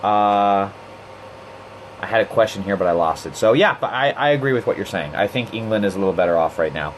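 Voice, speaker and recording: A man's voice: lowish voice, expressive, fairly quick, slight background noise. A man hosting a casual livestream, talking in a profane, opinionated and rambling way into a handheld phone. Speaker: livestream host. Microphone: phone held in hand.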